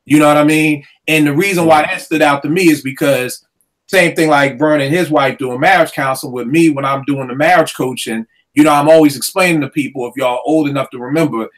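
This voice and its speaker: Animated man talking about rap lyrics. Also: fairly high pitch, brisk. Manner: animated, acts out voices while telling stories.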